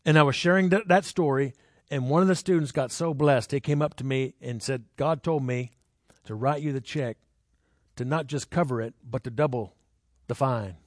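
A man's voice: normal speed, no echo. Conversational male preacher, dry sound. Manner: conversational, asks the crowd questions; jumps into high voices when acting out people. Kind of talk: sermon with personal stories.

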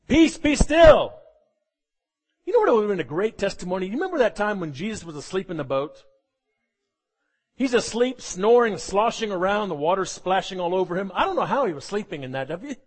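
Preaching a sermon, a man speaks quickly in a fairly high voice that swings widely up and down. He's animated and jokey, dropping humorous asides and acting out quotes.

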